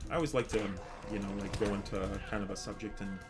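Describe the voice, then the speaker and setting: A man's voice: fairly low pitch, fairly even intonation, quick pace, music in the background. A man streaming a game, chatting casually with viewers in a rambling, hesitant way with many restarts. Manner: chatty with viewers, reads chat aloud. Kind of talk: casual live-stream chat.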